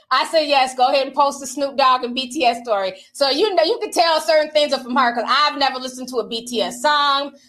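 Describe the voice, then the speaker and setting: Speaking briskly in a high voice, this middle-aged woman from Minnesota runs a casual livestream. She reads super chats with lively, slangy playfulness and frequently breaks into laughter.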